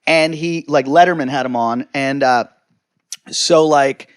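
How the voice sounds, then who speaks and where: A man's voice: medium pitch, a little slow, smooth, no room sound, clean studio sound. A man hosting a podcast, chatting casually, laughing often and swearing with energy. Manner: laughs often, animated and profane. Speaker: podcast host.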